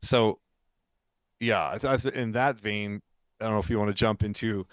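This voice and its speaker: This podcast co-host and author has a lowish voice with fairly even intonation and a moderate pace, recorded in a dry room without echo. He talks a lot and explains things as he teaches in a casual chat, laughing frequently.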